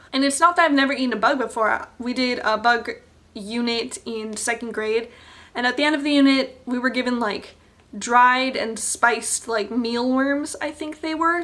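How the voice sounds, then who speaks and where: A woman's voice: fairly high pitch, a bit bright. A young adult woman ranting to camera in a resort hotel room. She sounds exasperated, swears often and rambles through restarts. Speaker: vlogger.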